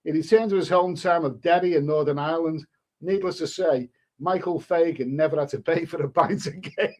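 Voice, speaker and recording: A man's voice: a little high, fairly quick, darkish tone. A man hosting a live stream, reading a story aloud in a casual way and breaking off to answer the chat.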